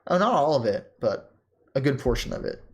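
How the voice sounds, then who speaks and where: Halting young man reviewing chess, keyboard clicks. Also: medium pitch, sing-song, background noise. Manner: halting, self-correcting, many ums and laughs. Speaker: chess vlogger reviewing his own game. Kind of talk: casual thinking-aloud game review.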